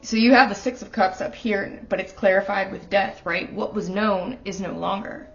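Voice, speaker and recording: In her apartment, a woman gives a casual tarot reading at a moderate pace in a mid-range voice. Earnest and emotional, she addresses the listener directly, and the home recording sounds somewhat dull and lo-fi.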